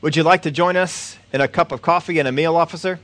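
A man's voice: a little high, steady tone, quick pace, fairly bright tone, lightly acted. A man voicing a wealthy, kind woman who is cheerful and politely insistent. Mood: bright polite.

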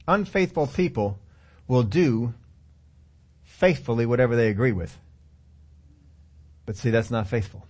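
A man's voice: medium pitch, a little slow, pauses often, a little mellow. A man preaching a sermon, reading scripture aloud and then commenting on it.

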